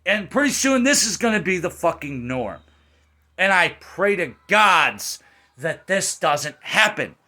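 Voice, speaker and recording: A man ranting through a movie review, heated and profane, with a slightly high, forceful, tense voice. He swings between loud outbursts and muttered asides. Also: very animated, slow. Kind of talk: angry film review rant.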